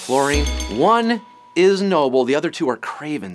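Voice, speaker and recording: Man, quiz host, high voice, punning, bouncy, light music behind. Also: very animated, moderate pace. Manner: punning, jokey, bouncy delivery with sudden silly voices. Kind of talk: live trivia game hosting.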